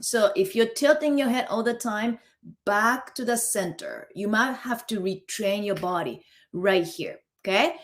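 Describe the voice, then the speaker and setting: A woman teaching a live online face yoga class. She gives gentle breathing cues, counts out each hold and keeps checking in with the group. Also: medium pitch. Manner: coaching, counts out holds, keeps checking in with "okay?".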